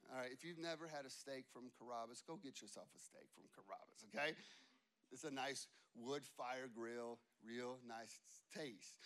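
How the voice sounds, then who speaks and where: A male pastor preaching a casual, humorous sermon, telling stories to his congregation. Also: sits high. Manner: animated storytelling with humor.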